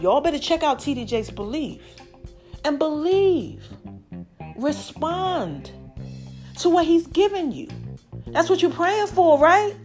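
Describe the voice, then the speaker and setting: A woman with a high, lively voice talks straight to her viewers in a chatty, preachy way. She swings between excited emphasis and quieter asides while encouraging them. Soft music sits faintly in the background. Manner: animated, preachy, addresses viewers as y'all. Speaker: vlogger. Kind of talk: motivational faith talk to viewers.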